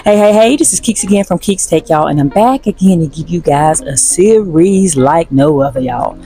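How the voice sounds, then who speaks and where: A woman's voice: lowish voice, animated, normal speed, mellow, soft background music. A woman giving a chatty vlog review, addressing her viewers as y'all. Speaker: vlogger reviewing shows.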